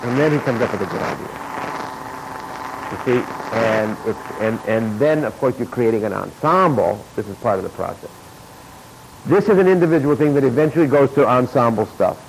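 A man teaching as an acting coach, talking in an informal lecture and acting out replies in sudden high bursts. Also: moderate pace, vocal fry. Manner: animated, acts out his own and students' replies in sudden high bursts. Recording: noisy recording with steady background noise.

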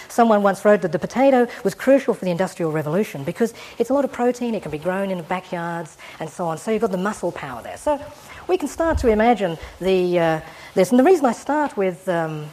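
A woman with a somewhat low voice gives an evening public lecture, wandering through her points in a discursive way. She keeps a wry, gently humorous touch as she speaks to the audience. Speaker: guest lecturer.

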